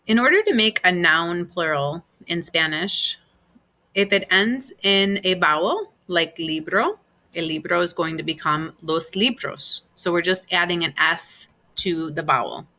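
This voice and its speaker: A woman's voice: fairly low pitch, unhurried, sharp tone. A woman teaching Spanish grammar in a recorded class, explaining patiently step by step with examples.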